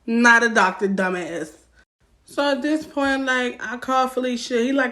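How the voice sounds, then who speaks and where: A young woman with a Southern US accent, telling a story-time vlog in a casual, loud and profane way, acting out what people said. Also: on the high side, measured pace. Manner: animated, loud and profane, acting out quotes with rising heat.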